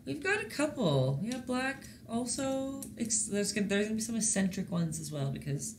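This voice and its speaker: A woman's voice: on the high side, sing-song, moderate pace, background noise. A woman leading a casual live-stream painting lesson, chatty and encouraging, often checking in with her viewers as she goes. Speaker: painting instructor.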